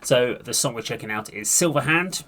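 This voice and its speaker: A man's voice: medium pitch, expressive, moderate pace, background noise. A man hosting a music reaction video, chatty and rambling with lots of filler. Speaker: reaction channel host. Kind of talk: casual reaction vlog.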